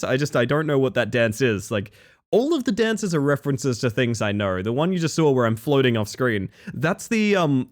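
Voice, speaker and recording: A man from Western Australia chatting casually on a livestream at his desk mic, rambling and laughing often. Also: medium pitch. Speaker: streamer.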